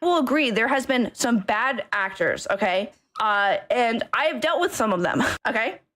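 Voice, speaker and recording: A woman on a livestream who is plainly furious, her slightly high voice pushing through a rant full of swearing and repeated points. She keeps punctuating her sentences with a sharp okay and now and then breaks into shouting laughter. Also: animated, measured pace. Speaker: streamer ranting about a friend group. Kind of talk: emotional rant on stream.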